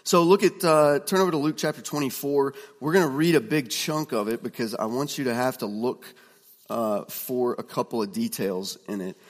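A man teaching a class of preachers, chatty and relaxed, with fillers and restarts as he tells stories. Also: mid-range voice, normal speed, in a large hall. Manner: conversational, many fillers and restarts, storytelling asides. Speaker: preaching instructor.

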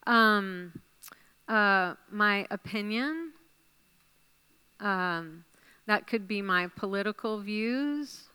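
A woman teaches a Bible study group at a slow, unhurried pace, stopping often to praise answers. Her voice is bright and smooth. She thinks aloud while jotting ideas down. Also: medium pitch, animated. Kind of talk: leading a class discussion.

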